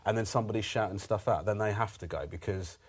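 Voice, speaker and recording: A man's voice: fairly low pitch, quick pace, husky. Rambling man telling a comedy club story. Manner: rambling, self-interrupting, "do you know what I mean". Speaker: guest comedian. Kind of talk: casual podcast anecdote.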